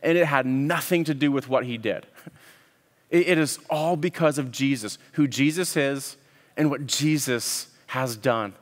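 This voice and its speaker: A man preaching a sermon, earnest and deliberate, often repeating words as he builds a point. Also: medium pitch, long reverb tail. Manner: earnest, with frequent word repeats and pauses. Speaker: pastor.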